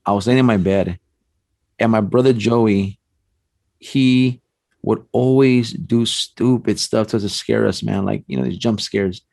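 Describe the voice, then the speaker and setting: A man telling a personal ghost story on a podcast, animated and acting out the voices in his tale. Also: on the low side, a little slow, creaky, dry recording. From San Antonio, Texas. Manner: animated storyteller, acts out quotes, frequent restarts and "man". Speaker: paranormal investigator guest.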